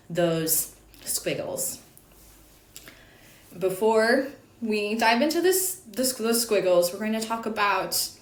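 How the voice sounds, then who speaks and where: Chatty woman teaching in an echoey room. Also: mid-range voice. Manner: chatty, self-correcting, with little laughs and apologies. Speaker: chant teacher. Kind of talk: casual explanatory lesson. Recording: echoey room with faint background hum.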